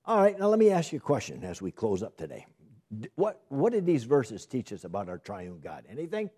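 A man's voice: medium pitch, wildly swooping pitch, a little fast, mellow, slightly rough. A man preaching a sermon, asking the congregation questions and often repeating and restarting his phrases.

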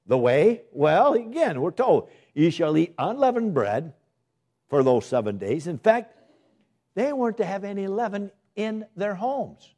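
A man's voice: high-pitched, dark tone. A man preaching a sermon, putting questions to the congregation, answering them himself and repeating his exhortations with urgency.

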